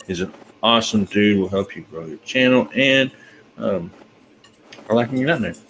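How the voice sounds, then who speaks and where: Easygoing low-voiced man hosting a chat. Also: moderate pace, fairly bright tone, slight background noise, poor audio. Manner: easygoing, folksy, chatty. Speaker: livestream host. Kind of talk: casual live chat.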